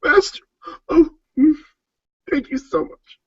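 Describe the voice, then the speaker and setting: A man's voice: mid-range voice, sing-song, very slow, dark tone, breathy edge, no echo, muffled recording, exaggerated voice. A man voicing a humble male tailor who stammers through his overwhelmed, tearful gratitude. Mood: astonished.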